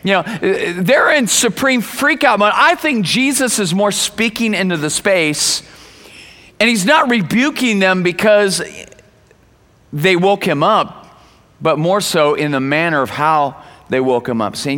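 Animated male pastor in a reverberant hall. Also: high voice, normal speed. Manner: animated, acts out quoted voices. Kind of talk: sermon. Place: church.

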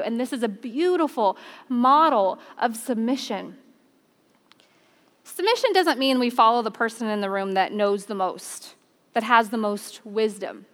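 A woman in her thirties preaching a sermon in a church, conversational and expressive, reading scripture aloud between stories. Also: sits high, long reverb tail.

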